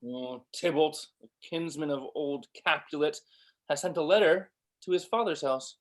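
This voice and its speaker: A man's voice: a little high, moderate pace, lightly acted. A man reading the part of an earnest young friend, in a plain, earnest way, during a cold read over a video call. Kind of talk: cold read of a stage play.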